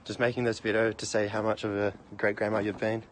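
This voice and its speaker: Breathless young NZ man, low flat voice, casual and offhand. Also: quick pace, a little hiss or hum. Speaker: grandson.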